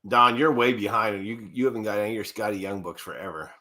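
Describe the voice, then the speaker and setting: Bright-voiced man ranting bluntly. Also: lowish voice, fast talker. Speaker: co-host. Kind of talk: casual livestream chat.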